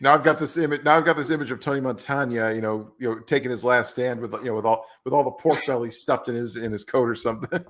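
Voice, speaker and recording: A man's voice: medium pitch, fast, hardly any pauses, a bit bright. A man co-hosting a comedy podcast, reacting with stammers and laughter. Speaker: podcast co-host. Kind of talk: casual banter.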